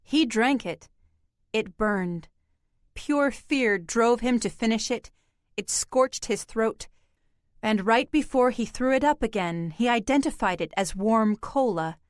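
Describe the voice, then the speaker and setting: A woman narrating an audiobook with measured, even storytelling. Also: a little high, dry recording, studio quality.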